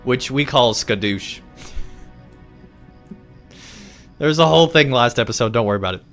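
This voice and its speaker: A young man streaming a video game live, excitable and laughing often, saying "like" a lot. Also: mid-range voice, a little slow, faint music behind. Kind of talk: live gameplay commentary.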